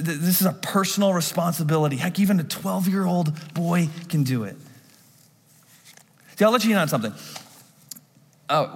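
A man's voice: a little high, husky, big-room sound. A male pastor preaching a sermon in a church, telling the story with animation and acting out the voices.

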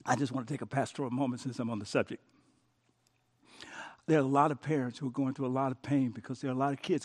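Here a middle-aged man delivers a sermon as a pastor in a husky, mid-range voice. His storytelling shifts between quiet, hushed moments and fervent appeals.

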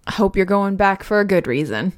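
A woman's voice: mid-range voice, a little fast, close to an everyday voice. A woman voicing a curt, taciturn woman guide who says as little as she can. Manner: terse, flat.

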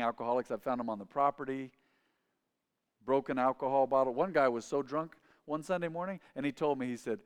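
A man's voice: mid-range voice, clean tone, long reverb tail. A man preaching a sermon as pastor, conversational and full of stories and acted-out dialogue, recorded in a church.

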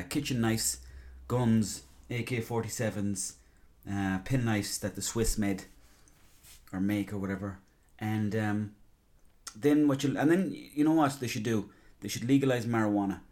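A man's voice: lowish voice, normal speed, a little mellow. An Irish man hosting a podcast, talking in a casual, rambling, sweary and jokey monologue. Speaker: podcast host.

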